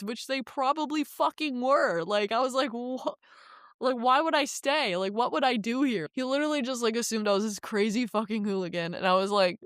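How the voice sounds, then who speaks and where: A woman's voice: a little high, no echo. Casting: young woman vlogger, loose rambling storyteller, salty language, dry close sound. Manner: rambling, heavy use of "like", frequent swearing; animated retelling with acted quotes. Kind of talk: casual storytelling.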